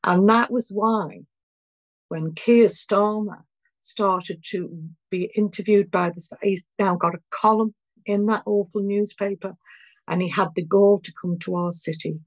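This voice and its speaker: Older woman, Scouse accent, activist guest, heartfelt and halting, close to tears, dry close sound. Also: medium pitch, fairly even intonation, no room sound, rough recording. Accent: Liverpool (Scouse). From Liverpool, England. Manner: heartfelt, halting, many restarts. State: near tears. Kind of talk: emotional interview answer.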